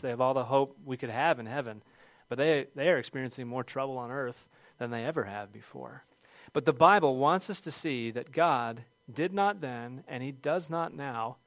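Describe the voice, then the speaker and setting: A middle-aged man preaching a sermon, telling a funny personal story with lively shouted quotes before returning to scripture. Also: mid-range voice, moderate pace, no room sound. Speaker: pastor.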